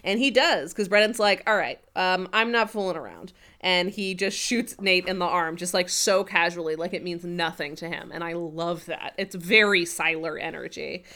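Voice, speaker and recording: A woman's voice: on the low side, steady tone, normal speed, few pauses, pushed and bright. A woman in casual podcast chat, recapping an episode and acting out characters' lines as she retells scenes. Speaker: podcast co-host.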